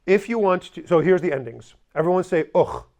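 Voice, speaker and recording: A man's voice: high-pitched, animated, a little fast, darkish tone. Upbeat man teaching a language class. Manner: joking asides, drills the class with repeat-after-me.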